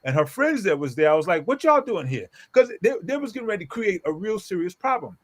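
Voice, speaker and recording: A middle-aged pastor tells a story in a relaxed group conversation, his slightly high voice swinging widely up and down. He talks with animated emphasis and keeps punching his points with a quick "okay?" to his listeners. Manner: animated and emphatic, often tags lines with "okay?". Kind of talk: storytelling in a casual group talk.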